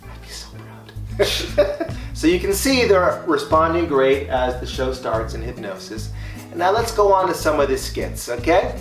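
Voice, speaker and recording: A man's voice: a little high, expressive, moderate pace. A man hosting a casual reaction video as a hypnotist, upbeat and explaining as he goes, laughing often. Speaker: hypnotist host. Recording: echoey room with music underneath.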